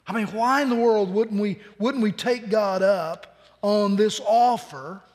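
A very high-pitched man preaches in a plain, conversational way, circling back on his words as he builds each point. His voice rings out with a long hall reverb from a large worship space. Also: unhurried, darkish tone. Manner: earnest, conversational preaching with frequent repeated words. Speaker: pastor. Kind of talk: sermon.

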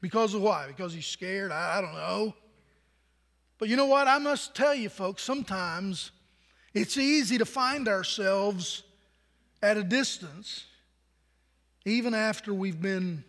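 A man's voice: high-pitched, lively intonation, slow, long pauses, a bit bright, in a large hall. A man pastor preaching a sermon in a conversational way, asking the congregation questions.

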